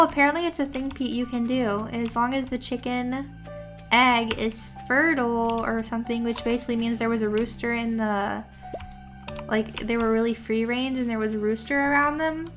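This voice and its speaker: A woman's voice: a little high, fairly bright tone. A young woman streaming a farming game, chatting playfully with her chat, using gamer slang and sounding sleepy. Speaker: VTuber streamer. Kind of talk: casual gameplay chat. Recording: game music playing behind.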